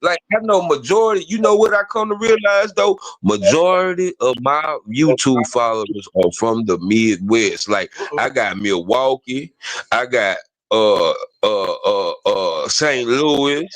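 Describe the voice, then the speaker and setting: A man hosts a relaxed podcast chat, rambling along in loose street slang and stopping for plenty of "uh"s and "you know"s. His voice sits at an average pitch and sounds close and dry, with no room around it. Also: unhurried, no room sound. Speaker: podcast host.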